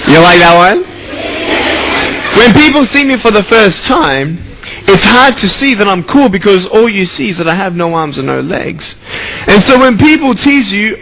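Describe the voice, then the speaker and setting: Motivational speaker, male, high-pitched, upbeat, talks to children and keeps asking them questions. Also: slight background noise, poor audio. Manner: playful, energetic, quizzes the crowd. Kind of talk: speech to a school audience.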